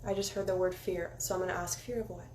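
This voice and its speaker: A woman giving a casual spiritual oracle card reading, candid and encouraging, sometimes dropping into soft meditation guidance. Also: lowish voice, fairly even intonation, quick pace. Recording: echoey room with faint ambient noise.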